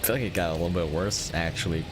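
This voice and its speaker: Low-voiced American man streaming a game. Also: racing, heavy background noise. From United States. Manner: rambling, laughs often, talks to chat. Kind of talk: casual live-stream chat.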